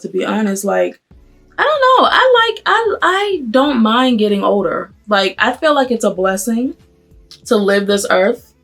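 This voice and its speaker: A woman in her thirties talks in a relaxed get-ready-with-me chat, her accent a blend of Northern and Southern US. She rambles quickly and trips over her words. Soft music plays faintly behind her. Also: mid-range voice, vocal fry, breathy edge. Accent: mix of Northern US and Southern US. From Pennsylvania, raised in Atlanta. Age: 30s. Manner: fast, rambling talk, stumbles over words. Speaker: beauty vlogger. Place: at home doing makeup.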